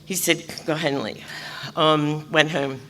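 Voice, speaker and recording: A woman telling her recovery story at a convention, animated, acting out other people's voices and laughing often. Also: sits low, normal speed. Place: large convention hall. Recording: reverberant hall, faint room noise.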